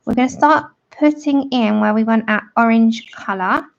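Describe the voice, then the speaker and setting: A woman's voice: a little high, moderate pace, gravelly, dull audio. A woman hosting a live colouring tutorial, chatting with viewers by name and laughing often as she works. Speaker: art livestream host.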